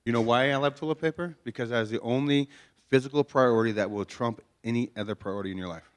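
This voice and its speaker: A man's voice: medium pitch, fast talker, smooth. A man preaching a conversational sermon in a chapel, folksy and joking, with many rhetorical questions. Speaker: pastor. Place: chapel before a congregation.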